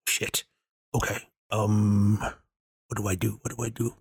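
A man's voice: medium pitch, slow, echoey room, pitched above the performer's own voice, lightly acted. A man playing an awkward, kind-hearted male bugbear cleric who speaks hesitantly and stumbles over his words. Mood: nervous. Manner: hesitant, stumbling and softly anxious.

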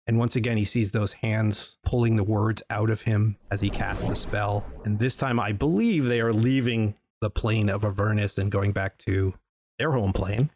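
A man playing a tabletop game, narrating his character's actions in a relaxed, conversational way. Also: fairly low pitch, normal speed, no echo. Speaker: player.

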